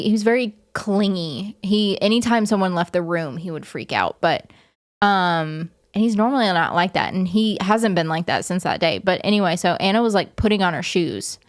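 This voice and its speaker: A woman's voice: mid-range voice, clear, resonant tone, dry recording, clean studio sound. A woman vlogging to her viewers in a casual, rambling way, full of fillers and restarts. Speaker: vlogger and parent.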